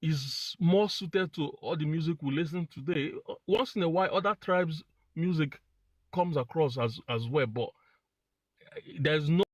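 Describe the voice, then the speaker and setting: Male caller from Nigeria, casual and halting, dry close sound. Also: on the high side, no room sound, rough recording. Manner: halting, repeats words, uneven emphasis. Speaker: caller in a live discussion. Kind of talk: casual opinion talk.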